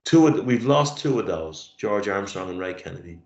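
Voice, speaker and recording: Middle-aged guy, lowish voice, halting and emotional, dull roomy sound. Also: lively intonation, darkish tone. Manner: reflective, halting, grows emotional. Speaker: podcast co-host. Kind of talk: casual tribute chat.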